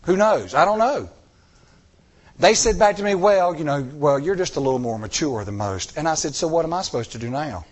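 A man's voice: a little high, expressive, a little fast. A middle-aged man preaching a sermon, telling stories with acted-out dialogue and repeating phrases for emphasis. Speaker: church elder preaching.

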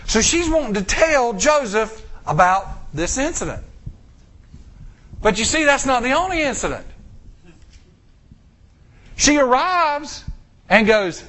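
An American man preaching a sermon, retelling a scripture story with drawn-out pauses and acted-out character lines. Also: very high voice. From United States. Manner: storytelling, acting out characters' lines in lively voices.

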